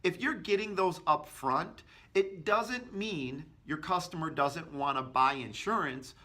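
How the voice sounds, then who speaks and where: A man's voice: a little high, measured pace, bright, forceful tone. A man giving a sales training tip, talking energetically and acting out short agent and customer exchanges. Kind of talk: instructional talk to camera.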